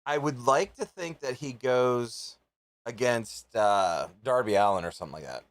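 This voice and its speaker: A man hosting a live reaction stream, chatting casually and thinking out loud with offhand, rambling asides. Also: mid-range voice, lively intonation, normal speed, dry recording. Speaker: live reaction show host.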